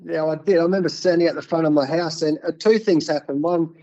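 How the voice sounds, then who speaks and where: An Australian cricket coach in his fifties is interviewed, spinning stories in a relaxed, animated style and frequently repeating words. His voice sits on the high side and moves quickly, and the recording sounds muffled.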